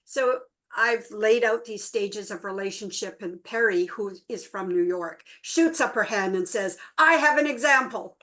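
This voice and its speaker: Unhurried and medium in pitch, this middle-aged workshop co-host shares stories with a small group at a relationship workshop. Her talk is relaxed, and she gets animated whenever she quotes someone.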